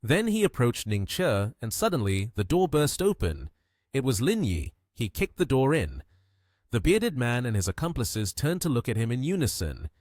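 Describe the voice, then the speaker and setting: A man narrating a story recap with steady, expressive storytelling. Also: mid-range voice, normal speed, no room sound, studio quality.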